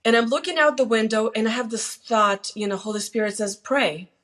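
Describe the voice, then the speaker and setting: A woman's voice: fairly high pitch, fairly quick, fairly bright tone. A middle-aged woman talking casually, telling stories and giving plain-spoken, earnest advice as a guest on her daughter's channel. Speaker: guest, host's mother. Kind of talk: casual conversation.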